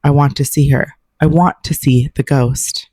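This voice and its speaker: A dazed young man, sleepwalking and entranced, speaks in a soft, breathy voice, as a woman reading the story gives his lines. He talks slowly and flatly. The recording is dry. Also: very deep voice, no room sound.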